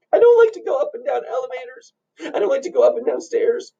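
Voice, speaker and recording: A man's voice: very high voice, wildly swooping pitch, fairly quick, creaky, mellow, recorded from a distance, pitched above the performer's own voice, full character voice. A man voicing a timid, nervous young man who is scared of heights, stammering and giggling nervously in a story. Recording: dull lo-fi recording.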